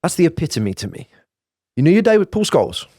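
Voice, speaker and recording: A man's voice: on the high side, sing-song, fast, darkish tone, no echo, clean studio sound. A man with a Worcester English accent, a guest entrepreneur talking casually and giving plain-spoken advice, often ending with tag questions. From Worcester, England. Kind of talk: casual podcast conversation.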